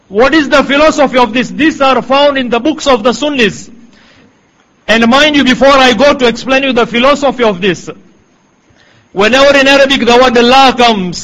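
A middle-aged man with a very high voice delivers a sermon. He speaks in a measured, emphatic way and quotes Arabic passages. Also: fairly bright tone, poor audio. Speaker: preacher.

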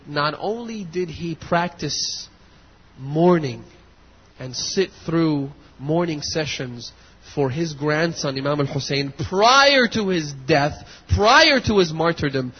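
A male preacher delivering a sermon, moving between hushed storytelling and impassioned near-shouting, with a husky voice. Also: fairly high pitch. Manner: impassioned, builds to near shouts and weeping intensity. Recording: dull lo-fi audio in a long-reverb hall.

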